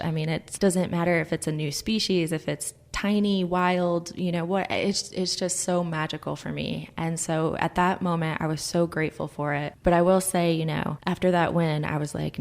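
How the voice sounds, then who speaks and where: Gravelly-voiced woman telling lively stories. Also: on the low side, normal speed, few pauses. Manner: lively, giggly storyteller. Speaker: guest, veteran angler and artist. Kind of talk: casual interview storytelling.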